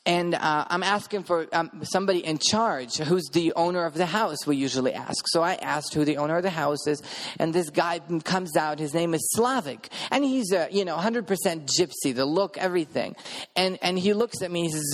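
A man's voice: fairly high pitch, moderate pace. A man preaching a sermon and telling a testimony, emphatic, repeating his words and asking the audience questions.

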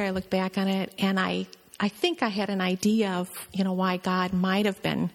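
A middle-aged woman telling a church a personal testimony, halting and full of restarts. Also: medium pitch, creaky. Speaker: church member sharing a testimony. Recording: long reverb of a church hall.

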